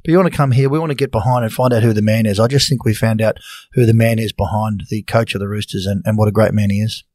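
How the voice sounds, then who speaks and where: A man's voice: lowish voice, fairly even intonation, quick pace, darkish tone, dry recording. An Australian man co-hosting a sports podcast, enthusiastic and full of praise. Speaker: podcast host. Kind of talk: casual sports chat.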